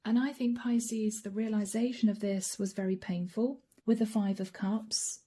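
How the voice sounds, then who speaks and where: A woman giving a channeled tarot reading in a hoarse, raspy voice that is fading, speaking softly with whispered asides. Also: medium pitch, steady tone, moderate pace. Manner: soft-spoken with whispered asides. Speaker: tarot card reader.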